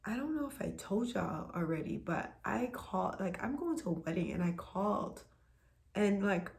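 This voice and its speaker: A woman's voice: lowish voice, moderate pace, creaky, darkish tone. A woman talking casually to her viewers in a personal vlog, earnest and repeating lines for emphasis, often dropping to a near whisper. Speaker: vlogger sharing a health journey.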